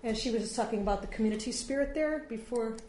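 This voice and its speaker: A woman's voice: a little high, quick pace, warm tone. A woman giving an informal workshop talk to a small group, chatty and rambling with frequent fillers. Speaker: workshop presenter. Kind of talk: informal talk on free online tools. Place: room with an audience. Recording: echoey room, slight noise.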